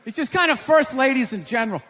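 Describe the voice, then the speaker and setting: A male stand-up comedian ranting loudly with mock outrage in a live set. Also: very high-pitched, lively intonation, fast talker. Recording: live concert hall with crowd noise.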